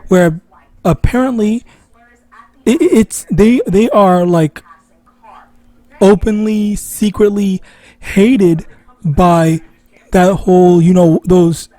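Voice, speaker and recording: A man's voice: high-pitched, slow, long pauses, warm tone, no echo. A man teaching an informal religious lesson, rambling and correcting himself as he goes. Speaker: online Bible teacher.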